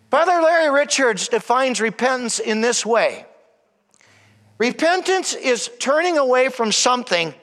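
A man preaching a sermon, emphatic, often calling out to "everyone", sometimes dropping to a soft hush. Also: extremely high pitch. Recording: long hall reverb.

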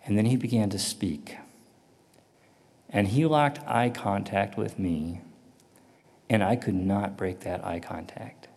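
Guy with a lowish voice telling his testimony, animated, acts out the dialogue. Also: big-room sound. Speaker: speaker giving a personal testimony. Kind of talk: storytelling testimony.

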